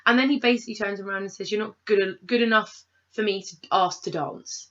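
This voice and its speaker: A woman's voice: medium pitch, normal speed, hardly any pauses, pushed and bright, dull audio. A woman co-hosting a casual review chat, animatedly acting out characters' lines as she rants. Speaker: podcast co-host reviewing a film.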